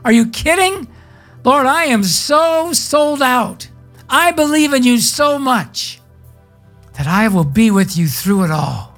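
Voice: high voice, lively intonation, slow, a bit bright, faint music behind, voice pushed up, full character voice. A preacher voicing an eager, boastful male apostle who protests insistently. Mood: protesting.

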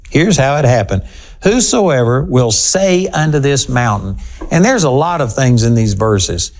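A man preaching a televised sermon, animated and dramatic, acting out voices with slow, drawn-out pauses. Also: mid-range voice.

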